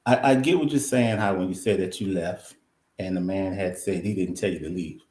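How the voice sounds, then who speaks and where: A man co-hosting a casual chat about a reality show, making his point in a measured, halting way. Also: low-pitched, darkish tone. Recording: echoey room.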